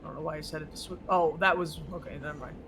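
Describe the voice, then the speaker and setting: A man's voice: a little high, fast talker, bright, forceful tone, slight background noise. A man narrating a tabletop horror game as game master, rambling with many restarts. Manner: rambling, full of fillers and restarts.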